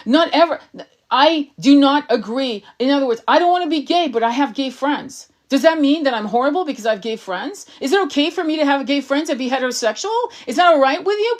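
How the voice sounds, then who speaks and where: A woman tarot reader and spiritual coach on a livestream, answering viewer comments bluntly, swearing often and firing off rhetorical questions. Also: sits high.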